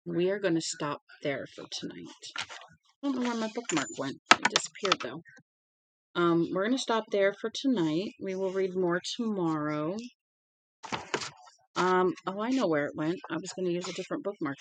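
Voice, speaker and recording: A woman's voice: lowish voice, lively intonation, moderate pace, a bit bright, a little hiss or hum. A woman hosting a read-aloud livestream, tired and yawning, chatting to viewers in a rambling, friendly way with many filler ums. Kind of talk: casual livestream chat after book reading.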